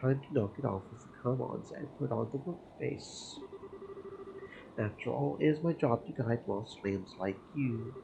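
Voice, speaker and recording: A man reading Kevin, a gravelly flirting priest. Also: mid-range voice, a little slow, background noise. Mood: flirty. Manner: teasing, easygoing banter. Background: game music.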